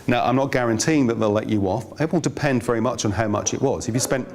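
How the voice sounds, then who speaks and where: A man's voice: medium pitch, fast, darkish tone. A man presenting a finance course in a room with an audience, in a chatty, anecdotal way with wry asides. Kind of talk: informal teaching talk.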